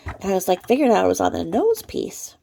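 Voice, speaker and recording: A woman's voice: mid-range voice, wildly swooping pitch, fast, creaky, dark tone. A woman hosting her own channel, talking to camera in a chatty, rambling way and now and then dropping to a whisper. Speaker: channel host. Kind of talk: casual vlog commentary.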